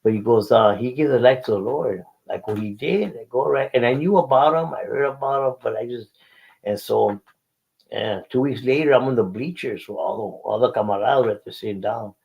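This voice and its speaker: A man's voice: medium pitch, brisk, creaky, slightly rough, highs cut off. A middle-aged man casually telling his life story in an interview, using street slang and Spanish words and often repeating himself.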